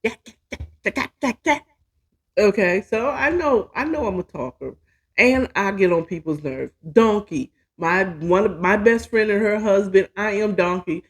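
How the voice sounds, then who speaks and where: A woman's voice: mid-range voice, lively intonation, normal speed. Chatty, candid woman telling her story. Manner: candid, profane, chatty and self-mocking. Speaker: podcast host. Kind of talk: casual personal storytelling monologue.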